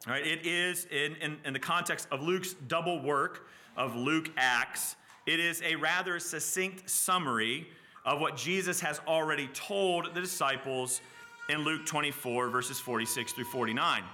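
A male preacher with a bright, tense, slightly high voice, delivering an expository sermon. He talks in a lively, conversational way and acts out the quoted lines with small stumbles and laughs. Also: a little slow.

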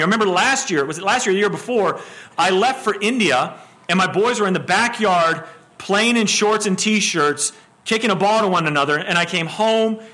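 Middle-aged guy preaching, kinda high bright voice, repeats words and throws questions at the crowd. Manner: repeats words when starting a phrase, asks the room questions. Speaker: pastor. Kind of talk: expository sermon.

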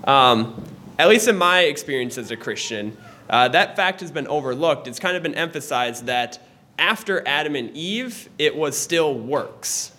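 A young man teaching a church class in a conversational way, pausing and correcting himself as he goes. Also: fairly high pitch, animated, pushed and bright, a little hiss or hum. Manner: conversational, with pauses and restarts. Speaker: Sunday school teacher.

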